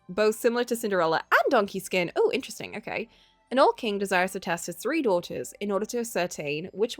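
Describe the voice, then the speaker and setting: A woman's voice: mid-range voice, no echo. A woman streaming a game live, reading its text aloud and chatting casually, laughing and gasping as she reacts. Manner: lively, chatty, laughs often, reacts with gasps.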